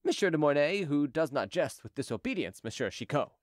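A courteous gate officer who will not bend on the rules, read by a man in an audiobook. He sounds polite and firm. The voice sits fairly high, with a lively lilt, and the sound is dry. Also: fairly quick, no echo. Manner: courteous but unyielding.

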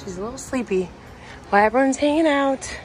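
A woman vlogs casually to her viewers at home and out on a farm, chatty and slipping into gushing baby talk with a puppy. Her voice is high-pitched and brisk, with slight background noise.

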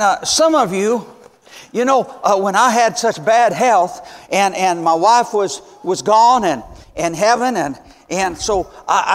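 Older man in his seventies, folksy preacher, high-pitched, stammers and whoops, sermon in a reverberant church. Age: 70s. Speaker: visiting missions preacher. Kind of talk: storytelling sermon. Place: church sanctuary.

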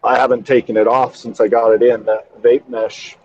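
A man's voice: medium pitch, level tone, moderate pace, crowd noise. A man chatting casually on a show, laid-back and self-deprecating, hedging often. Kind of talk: casual chat. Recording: dull lo-fi line with clear hiss.

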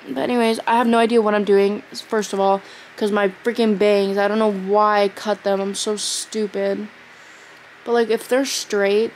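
A woman's voice: mid-range voice, a little hiss or hum, rough recording. Tired teenage girl rambling on a phone vlog. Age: teens. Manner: rambling, tired, filler-heavy talk. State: exhausted. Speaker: vlogger. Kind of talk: casual vlog chat. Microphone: phone camera.

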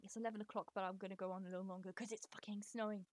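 A woman casually commenting while she streams a life-sim game, chatty and sweary, talking to her characters and breaking into excited squeals. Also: mid-range voice, rapid-fire, dry recording. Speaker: live streamer.

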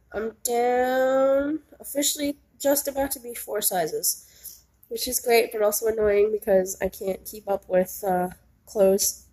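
A young woman vlogging with a stuffy, nasal sound from a cold. Her voice is mellow and a little husky, and she rambles through a casual update with plenty of ums and likes. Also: a little high. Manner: rambling, lots of ums and likes, laughs easily. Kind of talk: casual chat.

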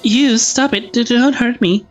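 A man's voice: high-pitched, expressive, a little fast, faint music behind, pitched above the performer's own voice, low-quality recording. A man putting on a frightened, stammering young sibling. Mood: frightened pleading. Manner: stammering, pleading.

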